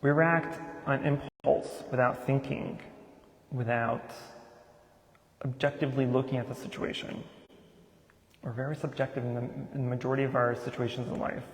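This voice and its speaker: Gravelly-voiced man giving a sermon. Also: mid-range voice, little pitch movement, normal speed, pauses often. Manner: conversational, asks many rhetorical questions, tag "right?". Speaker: Buddhist teacher giving a Dharma talk. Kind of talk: informal sermon. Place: temple hall. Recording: echoey temple hall with long reverb.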